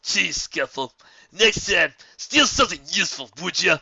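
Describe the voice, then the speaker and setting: A reader voicing a rowdy young unicorn colt who bullies, loud and mocking. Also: medium pitch, lively intonation, normal speed, lo-fi sound, pitched above the performer's own voice.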